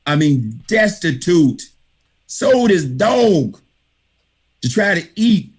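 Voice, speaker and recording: The author, a man on a video call, thanks readers at an online book reading through an emphatic motivational speech that repeats key phrases like a sermon. He speaks slowly in a slightly rough, a little high voice that is very animated.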